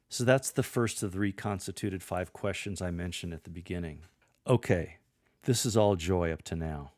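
A man with a low, darkish voice coaches readers on proclaiming scripture, reading the passages himself with shifting tone to demonstrate. It's an instructional podcast on reading aloud, recorded dry with clean studio sound.

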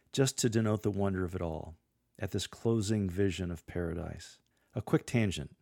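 A man's voice: low voice, darkish tone, dry recording, studio quality. A man coaching readers on how to proclaim scripture, demonstrating the passages himself. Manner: coaching, demonstrating readings with shifting tone. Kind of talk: instructional podcast on reading aloud.

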